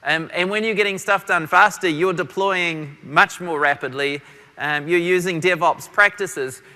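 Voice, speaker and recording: A man with a New Zealand accent giving an energetic, quick tech conference talk. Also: high voice, in a large hall. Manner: energetic, quick, self-deprecating. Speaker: conference presenter. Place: large conference hall.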